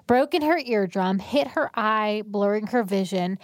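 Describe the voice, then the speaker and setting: A woman reads case notes aloud at a steady, even pace. Her voice sits in the middle range, and the sound is close and dry. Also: medium pitch, measured pace, dry recording. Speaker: podcast co-host. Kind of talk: reading aloud.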